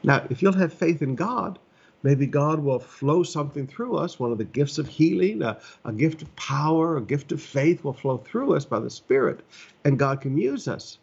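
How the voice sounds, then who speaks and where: A man's voice: fairly high pitch, lively intonation, normal speed, vocal fry, darkish tone, slightly rough, highs cut off. A middle-aged male pastor preaching earnestly in a conversational way, pressing points with repetition. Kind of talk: preaching a sermon from home.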